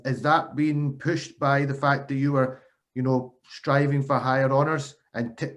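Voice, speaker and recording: A man with a mid-pitched voice hosts a casual interview. He asks questions in a friendly, conversational way.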